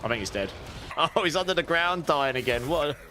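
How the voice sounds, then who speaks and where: A man's voice: a little high, lively intonation, brisk, pushed and bright, a little hiss or hum. Chatty man streaming a game. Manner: chatty, laughs often, talks to chat and his cat. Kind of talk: live gameplay commentary.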